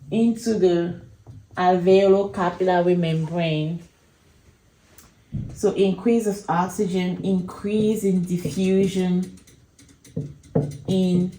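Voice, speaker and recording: Slow, mellow-voiced woman teaching. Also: lowish voice, roomy sound, rough recording. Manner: slow, repetitive explaining, addresses viewers as guys. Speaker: anesthesia educator. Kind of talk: whiteboard lecture.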